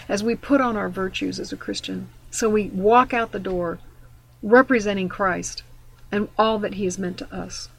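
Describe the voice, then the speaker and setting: A woman's voice: medium pitch, fairly bright tone, rough recording. A middle-aged woman giving a devotional teaching in an earnest, emphatic, conversational way, mixing in personal stories. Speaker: Christian devotional speaker.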